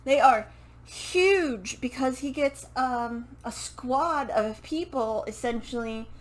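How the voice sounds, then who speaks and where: A woman's voice: sits high, slow, low-quality recording. A woman chatting casually to camera about a book series into a microphone, rambling with self-correcting asides and casual swearing. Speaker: book vlogger. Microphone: microphone she turns to face.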